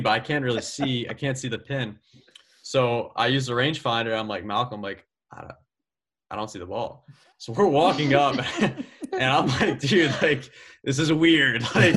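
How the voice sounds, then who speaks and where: A young adult man casually telling a story as a guest golfer, animated, laughing as he talks and saying "like" often. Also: on the low side. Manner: animated, laughs while telling, many fillers of "like".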